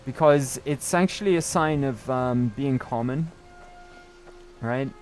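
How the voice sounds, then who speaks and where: Over soft background music, a young British gamer talks slowly in a mid-range, slightly mellow voice. His casual chat rambles along, often ending with "right?".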